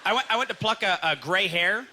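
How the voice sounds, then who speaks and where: Standing before a live audience at a comedy club, this Canadian man delivers a stand-up routine with energy, laughing his way through the punchlines. He sounds high-pitched and expressive, going a little fast. Crowd noise is loud, with big bursts of laughter.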